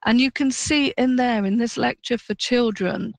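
A woman's voice: fairly high pitch, moderate pace, gravelly, no room sound. A woman professor being interviewed, speaking in a thoughtful, enthusiastic way.

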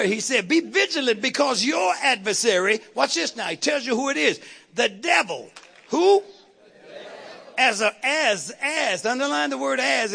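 A man's voice: very high voice, creaky, bright, forceful tone. A man preaching a fiery sermon, calling out to the congregation and repeating words for emphasis.

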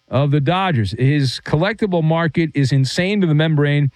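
A man's voice: a little high, lively intonation, normal speed, few pauses, a little mellow, no echo, low-quality recording. Male sports radio host; playful teasing banter, dry studio tone. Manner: teasing, playful, mock-dramatic.

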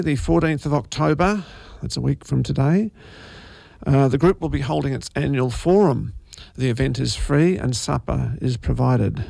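Gravelly male radio host, dry close sound, easygoing and rambling. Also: medium pitch, a little mellow, no room sound. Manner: rambling, chatty asides with many fillers. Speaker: community radio presenter. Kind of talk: casual radio presenting.

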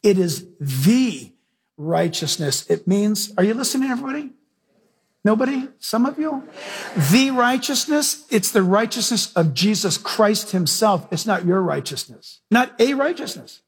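A man's voice: sits high, animated, moderate pace. A man preaching a sermon emphatically, often asking the congregation questions.

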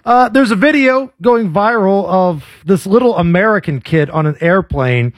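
A man's voice: sits high, moderate pace, no echo, studio quality. A man co-hosting a talk radio show, trading wisecracks in casual banter. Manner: wisecracking, lively.

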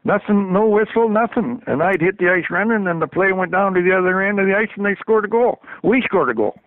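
An older man telling a story in a folksy, animated way, chuckling as he goes. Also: high voice, fast, dry recording. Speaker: storyteller guest. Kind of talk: casual anecdote on radio. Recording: tinny phone line on radio.

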